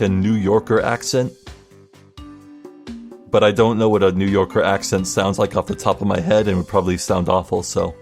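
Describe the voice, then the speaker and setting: A man giving offhand, musing commentary while playing a game. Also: fairly low pitch. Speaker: game player and voice reader. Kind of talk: let's play commentary.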